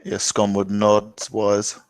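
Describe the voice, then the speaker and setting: A man's voice: on the low side, monotone, slow, clean tone, dry recording. A man player in a tabletop game describing his character's actions, matter-of-fact.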